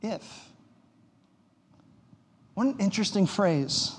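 A man's voice: high voice, animated, takes it slowly, breathy edge. A man preaching a sermon as pastor, conversational and emphatic, with wry quips. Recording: long hall reverb.

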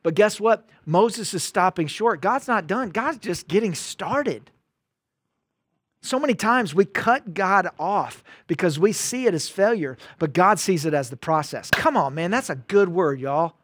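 A man preaching a conversational sermon, swinging between loud emphatic bursts and quiet asides. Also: high voice, expressive, a little slow, dry recording. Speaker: pastor.

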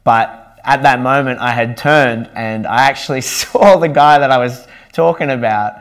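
A man's voice: mid-range voice, moderate pace, smooth. A young man earnestly sharing his faith testimony at church in a casual, conversational way.

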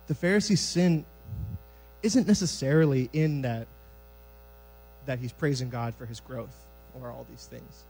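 Animated conversational male preacher. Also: medium pitch, a little slow, gravelly, pauses often, soft background music, poor audio. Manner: conversational, animated acting-out of scripture. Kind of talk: sermon. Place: church sanctuary.

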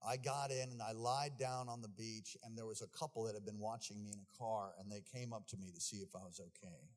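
A man preaching a sermon, telling a story with animation and building to shouted peaks. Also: lowish voice, fairly even intonation, fairly quick.

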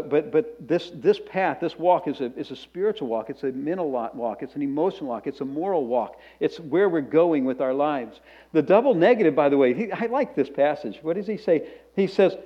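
A man's voice: fairly high pitch, muffled recording. A pastor preaching a sermon in a conversational way, often restarting phrases and tossing in asides to his congregation.

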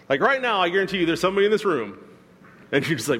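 Conversational pastor preaching in a reverberant hall. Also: male voice, fairly high pitch, very animated, fast, a bit bright. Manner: conversational, acts out quoted voices, self-deprecating humor. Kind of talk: sermon. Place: church hall.

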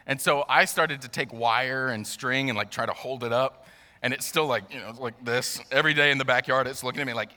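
A man preaches a relaxed, chatty sermon, ribbing himself with joking asides. His voice is bright and forceful. A long reverb rings around him in a church sanctuary. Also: mid-range voice, a little fast. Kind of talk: casual sermon.

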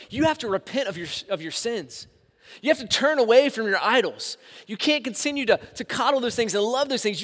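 A man's voice: very high voice, a bit bright. A man preaching a sermon as pastor in a church sanctuary, with emphatic swings in volume. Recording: reverberant hall sound.

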